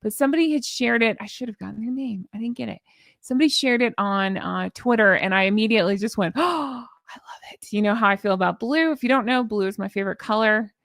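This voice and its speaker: A woman's voice: mid-range voice, fast talker, creaky, fairly bright tone, no echo, clean studio sound. A woman hosting a casual live-stream commentary, chatty and gushing as she reads viewer comments aloud. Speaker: YouTube commentary host.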